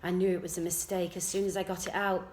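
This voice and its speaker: Teacher reading a story softly. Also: female voice, lowish voice, flat delivery, fast, slight background noise. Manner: soft, quiet first-person narration. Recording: echoey room.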